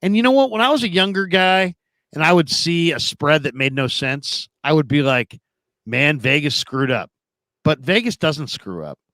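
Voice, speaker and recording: A middle-aged man hosting a sports call-in show, telling lively stories with acted-out quotes. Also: on the high side, moderate pace, dry recording. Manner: animated storyteller, acts out quoted voices. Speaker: sports talk show host.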